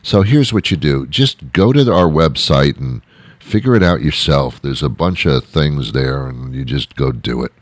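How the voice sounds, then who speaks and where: A man's voice: extremely low pitch, lively intonation, a little slow, no echo, voice pushed down, exaggerated voice. A man voicing a dismissive automated customer-service robot that brushes callers off bluntly. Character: curt, dismissive automated phone robot, male.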